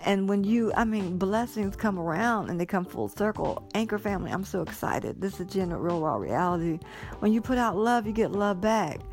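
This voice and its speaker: A woman's voice: mid-range voice, expressive, normal speed, faint music behind. A woman vlogging casually, telling a rambling story and gushing with thanks, teary with joy. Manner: effusive, grateful, rambling storytelling. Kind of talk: casual vlog monologue.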